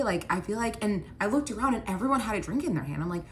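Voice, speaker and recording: A woman's voice: mid-range voice, animated, fast, few pauses, a bit bright, slight background noise. Chatty young woman telling a story. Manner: chatty, fillers of "like", acts out quotes. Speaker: storytime vlogger. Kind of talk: casual storytime.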